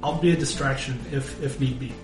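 A man playing a tabletop game, excitable and stammering, quick to laugh. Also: medium pitch, recorded from a distance, music in the background. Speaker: player. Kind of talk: casual tabletop play. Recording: echoey room with faint noise.

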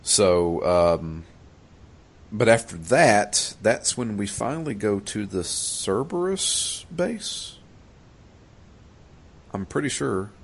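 A man's voice: on the low side, slow pace, gravelly, long pauses, husky. A man in casual chat, recounting a video game playthrough with lots of swearing and laughter. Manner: animated storyteller, swears a lot, laughs.

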